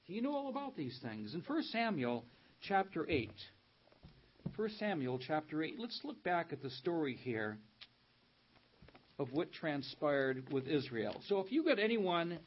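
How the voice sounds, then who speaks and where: A man's voice: a little high, sing-song, a little slow, a little hiss or hum. A man preaching a sermon, stressing key words and reading scripture aloud with rising emphasis. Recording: dull lo-fi sound.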